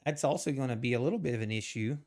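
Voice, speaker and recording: A man's voice: mid-range voice, rapid-fire, darkish tone. A man hosting a live trading stream, chatting casually and rambling as he reacts to viewers' messages. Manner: rambling, chatty, reads chat aloud.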